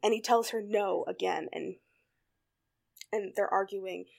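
Gravelly-voiced woman retelling a story. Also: mid-range voice, a little slow. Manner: animated retelling with many fillers. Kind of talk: casual chat.

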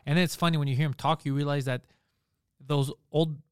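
Man, podcast host, very fast talker, smooth clear voice, casual chat, swears freely. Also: fairly high pitch, dry recording, clean studio sound. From Canada. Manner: rapid, animated, swears freely.

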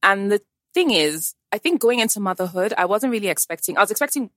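Animated mother telling stories, dry sound. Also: mid-range voice, fast, dry recording. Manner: animated storyteller, acts out quotes. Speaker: guest. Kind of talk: casual chat.

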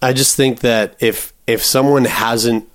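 A man's voice: medium pitch, fairly even intonation, a little slow. A man co-hosting a podcast, telling a long personal story in a casual, rambling way with many fillers and restarts. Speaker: podcast co-host.

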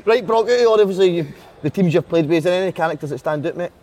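A man's voice: high voice, quick pace, darkish tone. A man hosting a podcast, asking questions with upbeat banter. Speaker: podcast host. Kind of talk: casual podcast chat.

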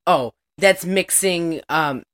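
A woman's voice: lowish voice, slow pace. A woman in a casual chat, recapping a movie in a chatty, profane way and laughing often.

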